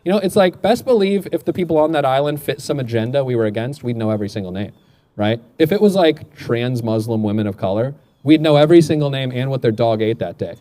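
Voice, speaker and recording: A young man doing stand-up crowd work outdoors on a city street through a portable speaker, firing off quick political one-liners and teasing people passing by. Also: mid-range voice, expressive, mellow. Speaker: stand-up comedian. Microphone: amplified through a portable speaker.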